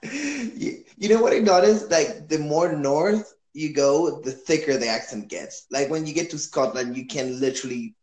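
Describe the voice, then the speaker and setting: An easygoing man from Chile hosts a relaxed chat, asking questions and laughing often. His voice sits a little high for a man and rings in an echoey room. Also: moderate pace, few pauses. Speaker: podcast host. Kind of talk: casual chat.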